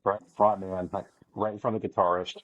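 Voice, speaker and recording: A man on a podcast, casually telling an excited story with plenty of swearing and quoted lines of his own. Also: sits low, fast, no room sound, highs cut off. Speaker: podcast co-host.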